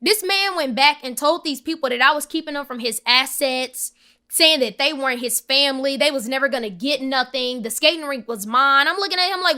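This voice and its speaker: With a high, brisk delivery, a young woman appearing on a podcast relates an emotional personal episode. She performs the other people's voices and speaks with strong, animated emphasis.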